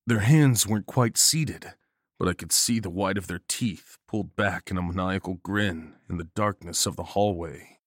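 Lowish guy reading a horror story, intense and dramatic, dry close sound. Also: normal speed, dry recording. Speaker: narrator. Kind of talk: first-person horror story narration.

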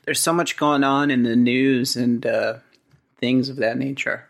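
A man's voice: medium pitch, fairly even intonation, unhurried, vocal fry. A man co-hosting a comedy podcast, riffing in a loose, rambling, joking way. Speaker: podcast co-host. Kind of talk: improvised comedy banter.

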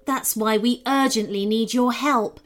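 A woman's voice: fairly high pitch, fairly even intonation, unhurried, lightly acted. A woman voicing a serious young female unicorn with an earnest, cautioning manner.

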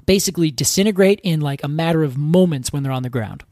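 A man's voice: a little high, fast talker, a little mellow, dry recording, studio quality. A man co-hosting a podcast, telling stories in an enthusiastic, casual way with lots of "like" fillers. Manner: enthusiastic, storytelling, many "like" fillers. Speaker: podcast co-host. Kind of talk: casual chat.

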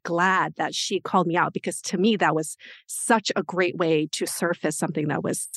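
A woman co-hosting a podcast, telling a personal story in a reflective, steady way. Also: on the low side, normal speed, no room sound, clean studio sound. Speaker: dating podcast co-host. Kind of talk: casual chat.

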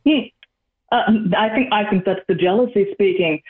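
A woman's voice: mid-range voice, normal speed. Giggly woman calling in over phone. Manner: laughing, self-deprecating. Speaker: caller. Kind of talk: casual podcast call. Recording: tinny phone line.

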